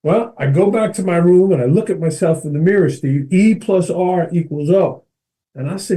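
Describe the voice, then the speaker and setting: Lively middle-aged man, mellow voice. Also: sits high, normal speed. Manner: energetic, keeps checking in with "right?" and addresses the host by name. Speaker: podcast guest, educator and speaker. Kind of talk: animated storytelling in conversation.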